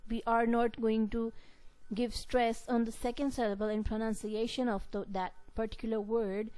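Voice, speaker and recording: A woman lecturing on pronunciation, explaining slowly and repetitively and correcting herself as she goes. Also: fairly high pitch, flat delivery, mellow, clean tone, poor audio. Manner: slow, repetitive explaining with frequent self-corrections. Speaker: English lecturer. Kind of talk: recorded university lecture.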